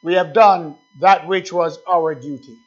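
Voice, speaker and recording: Male preacher, slow deliberate sermon delivery building to fervent calls, dull low-fi recording. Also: steady tone. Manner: preaching with rising, fervent calls and quiet asides.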